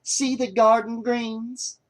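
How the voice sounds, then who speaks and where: A man reading an audiobook, voicing a heavyset waitress who answers flatly and unbothered. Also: extremely high pitch, slow, pitched above the performer's own voice. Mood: deadpan. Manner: flat, unbothered. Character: deadpan heavyset small-town waitress. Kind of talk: audiobook character voice.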